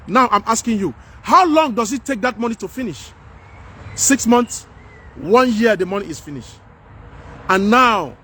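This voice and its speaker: A man's voice: sits high, bright, forceful tone, a little hiss or hum. A man with a Nigerian accent delivering a passionate, repetitive monologue, lecturing his listeners outdoors. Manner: preachy, repetitive, emphatic. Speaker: commentator. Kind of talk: impassioned monologue.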